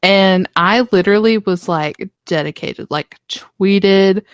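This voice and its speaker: A woman's voice: medium pitch, slow, clean tone, no room sound, lo-fi sound. A woman in her twenties co-hosting a podcast, chatting casually, swearing often and acting out her past self. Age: 20s. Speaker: podcast co-host. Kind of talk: casual chat.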